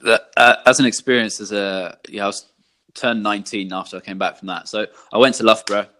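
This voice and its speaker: Laid-back man, low voice. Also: fairly even intonation, a little fast, pushed and bright. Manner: laid-back storytelling, frequent fillers and swearing. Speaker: athlete guest. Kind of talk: casual podcast chat.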